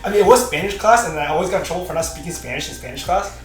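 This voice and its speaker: A man's voice: fairly high pitch, rapid-fire, echoey room, recorded from a distance, low-quality recording. A young man hosting a podcast, telling school stories in casual chat, laughing and swearing freely. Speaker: podcast host.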